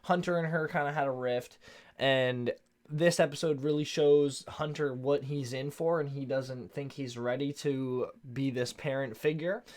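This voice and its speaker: A man's voice: medium pitch, steady tone, unhurried, a little mellow. A tired man talks his way through a show recap late at night and yawns along the way. His delivery is loose and rambling, full of slang, and it keeps drifting off topic before he pulls it back. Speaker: show reviewer. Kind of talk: casual recap chat.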